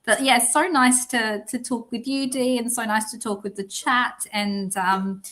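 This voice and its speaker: A woman's voice: fairly high pitch, steady tone, measured pace, fairly bright tone. A woman, hosting a casual livestream chat and laughing often. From Australia. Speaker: podcast host.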